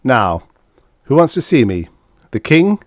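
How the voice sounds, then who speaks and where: A man's voice: medium pitch, sing-song, measured pace, no room sound, clean studio sound, voice pushed up. A man voicing a pompous, boastful provincial nobleman with a thick, rich put-on accent and a growling manner in an audiobook. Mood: gruff. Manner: growling, blustering.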